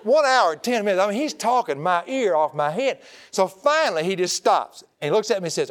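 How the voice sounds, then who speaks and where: A middle-aged male preacher with a high voice, telling a story in a folksy, animated way. He swings between quiet earnest points and lively comic storytelling. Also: fast talker. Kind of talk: humorous sermon storytelling.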